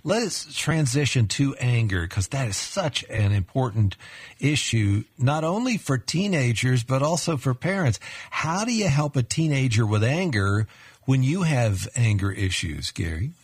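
Husky-voiced male radio host. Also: mid-range voice, expressive, measured pace, no echo, studio quality. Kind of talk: interview hosting.

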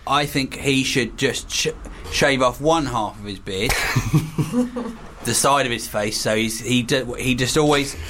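A man co-hosting a comedy radio show, deadpan with absurd jokes. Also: mid-range voice, a little slow, background noise. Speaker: radio co-host. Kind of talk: casual comedy radio chat. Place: radio studio.

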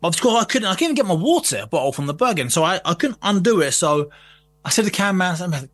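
This is a man in casual conversation, running through a story with plenty of swearing and frequent laughter. His voice sits high for a man. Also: quick pace. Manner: animated, swearing, laughing often.

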